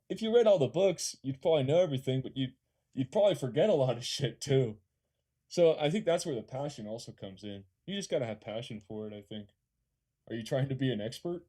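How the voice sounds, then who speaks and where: A man's voice: mid-range voice, a little mellow. A young man from California with a Californian accent, chatting casually on a live stream, reading and answering chat questions, laid-back and swearing freely.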